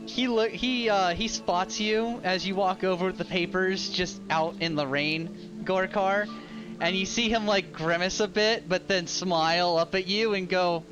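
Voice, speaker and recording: High-voiced man narrating as game master. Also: normal speed. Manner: relaxed, casual narration with frequent ums. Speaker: dungeon master. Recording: dull lo-fi with loud ambient music.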